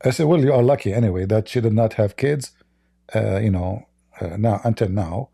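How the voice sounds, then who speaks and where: Man, mellow dark voice, rambling casual storytelling, livestream host. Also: fairly low pitch, normal speed, gravelly, slightly rough. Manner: rambling anecdotes with frequent fillers and laughter.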